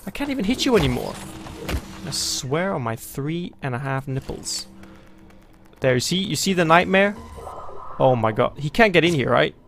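A man doing let's play commentary, excitable and self-mocking, yelling and swearing at enemies. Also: a little high, moderate pace, vocal fry, pauses often, over music. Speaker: gaming video host.

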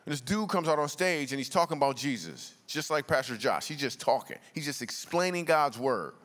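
Here a man with a fairly high, slightly bright voice entertains a church crowd as a guest comedian, animated and fairly quick as he tells funny stories. His delivery is loose, slangy and conversational. It was recorded in a large church auditorium with a long hall reverb.

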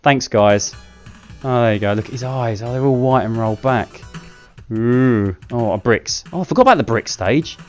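A man's voice: mid-range voice, moderate pace, darkish tone, faint music behind. Chatty self-mocking man gaming. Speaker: gaming channel host. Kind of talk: casual gameplay commentary.

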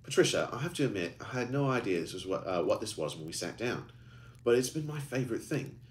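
A man's voice: lowish voice, animated, quick pace, echoey room, slight background noise, voice pushed up, close to an everyday voice. A man reading aloud puts on an older man with a fading Birmingham accent. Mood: curious. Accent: Birmingham English.

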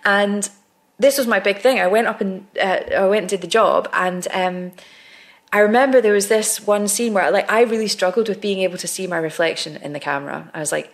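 A woman of middle pitch talks candidly about her work, circling back with restarts as she builds each anecdote. Her delivery is loose and conversational. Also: a little fast. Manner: candid storytelling, frequent restarts. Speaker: actress, podcast guest. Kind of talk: casual conversation.

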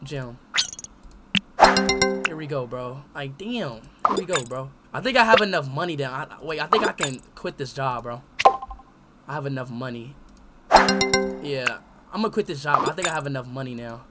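A young man streaming a game live, talking to himself and his chat, swinging between loud yelling and quiet muttering. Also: mid-range voice, lively intonation, normal speed, pauses often. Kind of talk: live gameplay commentary. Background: loud music.

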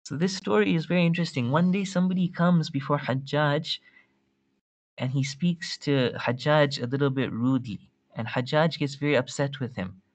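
A male instructor gives a lecture in a voice that sits a bit higher than most men's. He retells a story at length, quotes Arabic texts and often restarts or repeats his words. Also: normal speed, dry recording. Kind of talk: recorded religious studies lecture.

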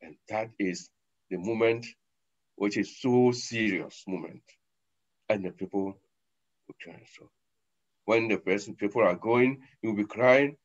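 A man, a sheikh giving a sermon, acting out scenes with sudden loud and soft turns, on a dull lo-fi recording. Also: fairly low pitch, moderate pace, pauses often. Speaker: sheikh, lecturer.

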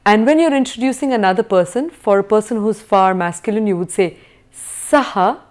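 A woman teaching a recorded Sanskrit lecture, drilling words slowly and carefully with exaggerated pronunciation and a rising tone on questions. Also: mid-range voice, a little mellow.

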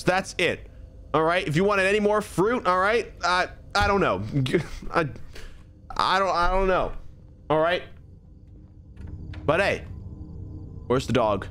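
A man's voice: on the high side, animated, normal speed, pauses often, fairly bright tone, soft background music. A young man streaming a horror game, chatting and joking to himself as he plays. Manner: chatty, jokey, talks to himself. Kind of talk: live gameplay commentary.

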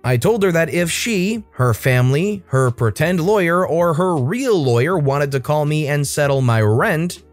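A man reading online stories aloud as a storytime channel narrator in a scripted, expressive style. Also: fairly high pitch, no room sound.

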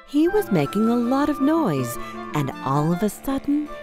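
A woman narrating a children's storybook in a slow, expressive, clear storytelling manner. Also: fairly high pitch. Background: music.

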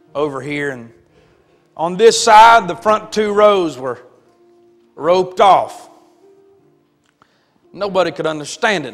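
High-voiced preacher in a hall. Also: male voice. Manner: dramatic storytelling, rising to shouts. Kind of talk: sermon. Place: church sanctuary. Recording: long hall reverb with faint music.

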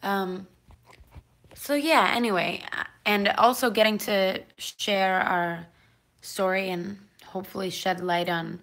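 A young woman chatting excitedly on a live stream, dropping into whispers now and then. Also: medium pitch, unhurried. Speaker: singer doing a live Q&A stream. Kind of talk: casual live-stream chat.

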